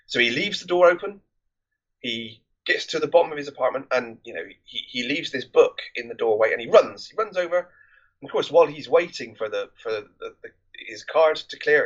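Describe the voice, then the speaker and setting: A man's voice: medium pitch, husky, muffled recording. A man hosting a film podcast, recapping a movie plot in a loose, rambling, conversational way.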